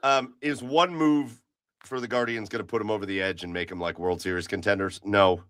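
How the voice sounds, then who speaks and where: A man's voice: fairly low pitch, fairly even intonation, a little fast, a bit bright, dry recording. A man co-hosting a podcast, chatting casually about baseball in a rambling way, full of restarts. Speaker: podcast co-host. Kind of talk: casual sports chat.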